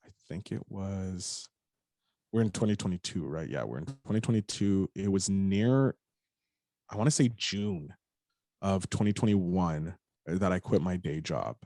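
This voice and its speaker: Frank, animated man telling a story. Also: sits low, unhurried, no room sound, clean studio sound. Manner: animated, frank, swears freely. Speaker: podcast guest. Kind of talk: casual storytelling.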